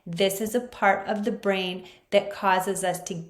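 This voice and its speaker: An earnest woman explains health ideas in a steady teaching voice. She stresses her main points and repeats them. The room around her adds a noticeable echo. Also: mid-range voice, unhurried. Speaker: naturopathic doctor hosting a skin health show. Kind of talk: teaching monologue. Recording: roomy echo.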